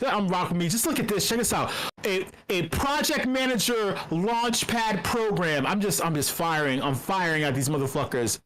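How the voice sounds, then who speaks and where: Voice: mid-range voice, expressive, normal speed, fairly bright tone, poor audio. A speaker ranting heatedly and profanely at an online meetup, exasperated and emphatic, often restarting sentences. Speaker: meetup participant. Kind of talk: heated rant in an online group call.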